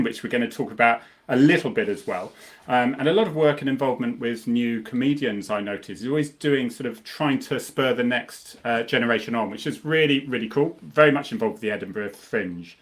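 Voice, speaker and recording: A man's voice: mid-range voice, brisk. A man from South West England co-hosting a casual chat, chummy and cheeky and calling people "mate". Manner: chummy, says "mate" often, cheeky banter. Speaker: co-host.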